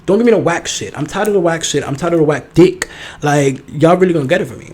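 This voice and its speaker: A man's voice: fairly high pitch, quick pace, slight background noise. Sassy, campy young male podcaster. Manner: sassy, profane, campy and animated. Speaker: podcast host. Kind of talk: casual solo podcast chat.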